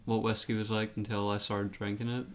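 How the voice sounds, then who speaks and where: A man's voice: fairly low pitch, flat delivery, brisk. A young man co-hosting a podcast, teasing his friend and laughing often in casual chat. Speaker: podcast co-host.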